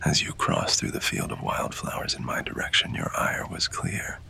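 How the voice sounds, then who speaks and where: A man speaks in first person as a winged fae lover in a whispered role-play, close, intimate and breathy. His delivery is pushed and bright at a moderate pace.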